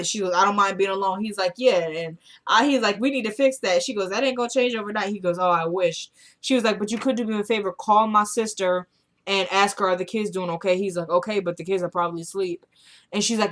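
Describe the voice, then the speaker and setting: A woman's voice: mid-range voice, a bit bright. A woman casually recapping a TV drama episode, retelling the scenes in quoted dialogue and adding her own blunt opinions.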